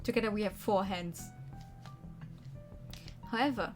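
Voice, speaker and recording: A woman's voice: medium pitch, fairly quick. A woman streamer reading a game's story text aloud with dramatic delivery and casual asides. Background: faint background music.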